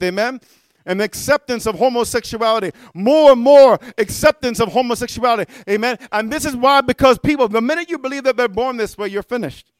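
A fiery male preacher with a very high voice, bright and clear, who keeps asking "amen?" and breaks into shouts on his strongest points. The sound is dry and close. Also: dry recording. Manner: fiery, repeatedly asks the congregation "amen?", shouts key words. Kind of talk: sermon.

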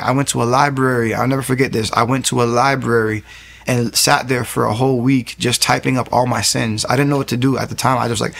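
Speaking at mid-range pitch, this man's voice is creaky and a bit bright. He is a young pastor in his thirties, interviewed as a guest, earnestly recounting his faith testimony as a story and frequently restarting sentences.

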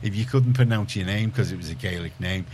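A man's voice: low voice, fairly quick, darkish tone, a little hiss or hum. A middle-aged man, telling stories in casual radio chat, full of restarts and asides. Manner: rambling storyteller, many restarts.

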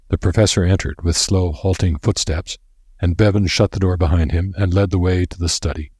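Deep, husky male audiobook narrator. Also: brisk, dry recording, clean studio sound. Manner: steady, even reading.

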